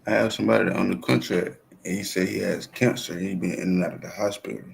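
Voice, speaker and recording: A man's voice: deep voice, fairly even intonation, quick pace, gravelly, a little hiss or hum. A man making seller phone calls as a real estate wholesaler, laid-back and plain-spoken. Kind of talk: phone sales call and chat.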